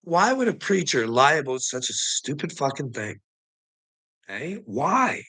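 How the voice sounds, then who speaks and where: Sarcastic, swearing man with a bright, lively voice. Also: medium pitch, a little slow. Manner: profane, sarcastic, laughs often. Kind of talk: casual storytelling monologue.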